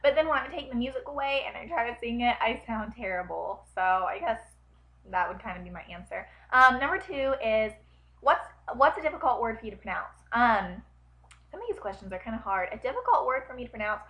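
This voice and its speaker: A woman's voice: a little high, expressive, a little fast, a bit bright. A young woman with a slight twang, rambling through tag questions in a chatty way, full of ums and likes. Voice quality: slight twang on her words. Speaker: vlogger. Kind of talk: casual chat answering tag questions. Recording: dull lo-fi webcam audio.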